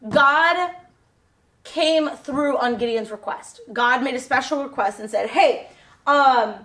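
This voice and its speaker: A woman's voice: high-pitched, a little slow, sharp tone. A woman retelling a Bible story for children in a casual, rambling way, with lots of fillers and self-corrections.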